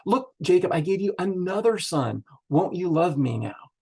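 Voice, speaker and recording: A man voicing a young woman who eagerly pleads for her husband's love in a high voice. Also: very animated, normal speed, a little mellow, husky, full character voice. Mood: pleading.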